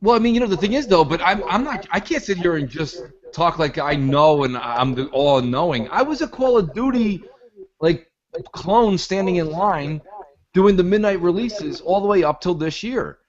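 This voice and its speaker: A man's voice: high-pitched, moderate pace. A man hosting an opinionated gaming podcast, making his points in an emphatic, lecturing way. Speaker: podcast host. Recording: dull lo-fi podcast audio.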